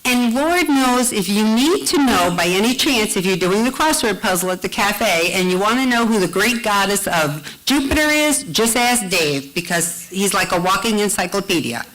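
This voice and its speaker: A woman telling a heartfelt personal story to an audience at a live storytelling event, slowing down to lean on key phrases. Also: medium pitch, lively intonation, fairly bright tone, low-quality recording. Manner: heartfelt, slows for emphasis.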